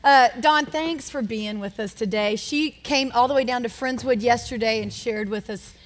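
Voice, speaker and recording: A woman's voice: on the high side, moderate pace. Chatty woman on a church stage. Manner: warm, chatty, addressing the audience directly. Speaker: women's Bible study leader. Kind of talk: church teaching and interview introduction. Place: church stage before an audience. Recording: reverberant hall.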